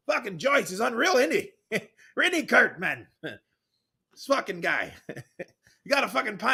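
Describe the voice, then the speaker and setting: A man giving casual, excitable live play-by-play commentary on a boxing match, calling punches rapidly and swearing freely. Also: sits high, vocal fry, breathy edge.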